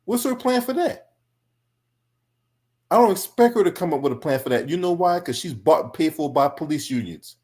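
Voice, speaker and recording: Man, angry political reaction stream, confrontational, profane, somewhat high pitch. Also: animated, moderate pace, mellow. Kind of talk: heated reaction commentary.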